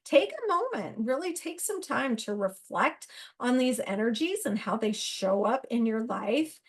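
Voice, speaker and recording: Excitable woman hosting an astrology talk. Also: a little high, measured pace, breathy edge. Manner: excitable, animated, laughs at herself. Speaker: astrology podcast host. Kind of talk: reflective solo talk to listeners.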